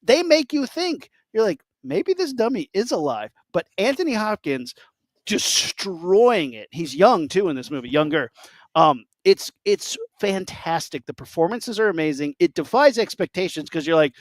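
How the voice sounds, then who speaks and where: Guy rambling excitedly about movies, kinda high voice, dry sound. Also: moderate pace, no echo. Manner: excited storytelling, many fillers and restarts. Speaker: podcast co-host. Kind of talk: casual chat.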